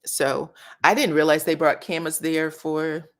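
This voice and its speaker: A woman's voice: sits low, fairly even intonation, normal speed, fairly bright tone. A woman hosting a casual reality-show commentary, chatting and reading viewer comments aloud. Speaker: commentary channel host.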